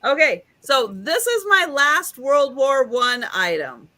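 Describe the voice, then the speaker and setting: A woman in a live chat, describing an item for sale in an unhurried, matter-of-fact way. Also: high voice, very animated, sharp tone. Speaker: seller. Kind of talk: casual sales pitch.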